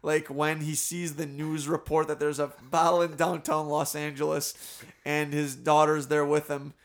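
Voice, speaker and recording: A man's voice: fairly high pitch, little pitch movement, moderate pace. A man co-hosting a casual podcast, recapping movie scenes with eager enthusiasm and frequent laughter. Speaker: podcast co-host.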